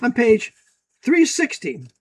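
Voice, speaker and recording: An American man giving an emphatic, preachy monologue and reading passages aloud from a book, often rising to loud bursts. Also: very high voice, wildly swooping pitch, takes it slowly, slightly rough. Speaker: commentator.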